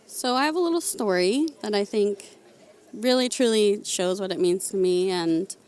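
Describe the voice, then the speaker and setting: Candid middle-aged woman, mid-pitched, warm personal storytelling as an interview guest. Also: normal speed. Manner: heartfelt and candid. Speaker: senior living administrator.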